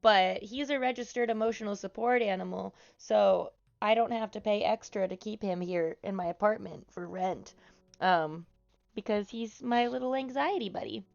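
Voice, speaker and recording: A woman live streaming from the office room of her apartment over a headset mic, chatting slowly and softly with viewers and cooing to her pet. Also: mid-range voice, vocal fry, highs cut off. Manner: slow, soft-spoken and chatty, cooing baby talk to her pet. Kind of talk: casual live-stream chat. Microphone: headset microphone.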